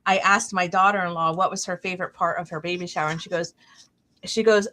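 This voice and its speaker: A middle-aged woman hosting a casual chat stream, telling a long anecdote with fillers and lively quoted voices. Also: lowish voice, fast. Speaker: stream host.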